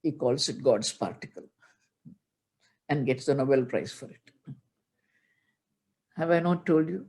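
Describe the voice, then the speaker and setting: A woman's voice: rumbling low, animated, a little slow, pauses often, a little mellow. An older woman delivering a religious discourse, telling stories with emotional emphasis and chanting verses. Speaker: spiritual teacher.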